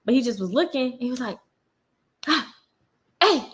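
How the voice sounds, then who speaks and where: A woman's voice: fairly high pitch, very fast, darkish tone. A young woman, chatting casually on a live vlog and animatedly acting out quotes in a storytime. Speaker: vlogger on a live chat.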